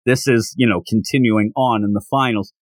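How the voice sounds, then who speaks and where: A man hosting a podcast, casually retelling a comic chapter with amused asides and quick voice impressions. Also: on the low side, fairly even intonation, dry recording. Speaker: podcast host. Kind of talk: casual manga recap.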